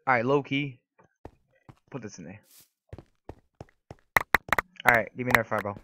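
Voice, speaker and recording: A young man giving casual, excitable gameplay commentary, trash-talking opponents and swearing often. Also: medium pitch, a little slow, long pauses, highs cut off. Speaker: gaming YouTuber. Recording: noisy recording with mouse and keyboard clicks.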